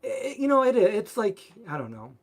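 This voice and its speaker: A man's voice: high voice, huge pitch swings, normal speed. A man hosting a cooking channel, chatting casually on a live stream and answering viewer comments in a rambling way, full of filler words. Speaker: vegan cooking channel host.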